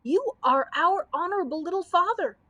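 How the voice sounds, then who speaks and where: A woman's voice: very high voice, lively intonation, moderate pace, sharp tone, no echo, highs cut off, pitched above the performer's own voice, heavily acted. A woman voicing a crowd of loyal subjects shrieking their pleas. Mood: pleading. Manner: shrieking, pleading.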